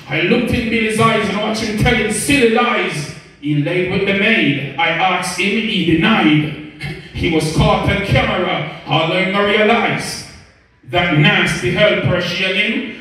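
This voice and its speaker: Performing spoken word poetry on the radio, a man recites in a rhythmic, rhyming cadence reminiscent of a preacher. His voice sits high, is a bit bright, and moves a little slowly; the recording is echoey and he sounds distant from the mic.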